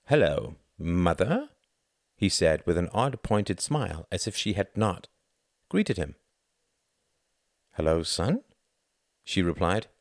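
An audiobook narrator with a deep voice reads a novel in scripted narration, using lively intonation at a moderate pace. The recording is dry and clean, studio quality.

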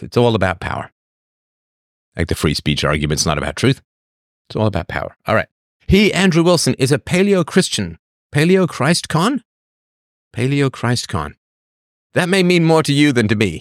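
Clean studio sound with no room tone captures a man hosting a live stream. He works through chat messages opinionatedly, recasting his points as rhetorical questions, and his animated delivery swings lively in pitch.

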